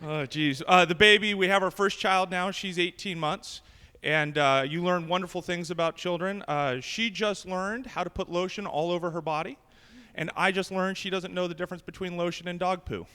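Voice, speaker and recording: Guy doing standup on a club stage, high bright voice, brash punchy delivery. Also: fairly even intonation, normal speed, smooth, in a large hall. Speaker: stand-up comedian. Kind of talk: stand-up comedy set. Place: comedy club stage with live audience.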